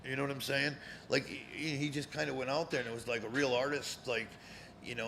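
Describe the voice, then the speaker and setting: Gravelly, rambling Connecticut man. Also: medium pitch, flat delivery, brisk, background noise. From Connecticut, USA. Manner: rambling, profane, many fillers. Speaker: guest, former pro wrestler. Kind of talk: casual storytelling. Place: cigar lounge, live show.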